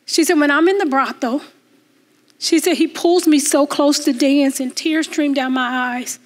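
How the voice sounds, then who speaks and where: A woman minister preaching a sermon in a church, telling a story with emphatic rises and hushed passages. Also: sits high, fairly even intonation, unhurried. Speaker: guest minister. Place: church sanctuary.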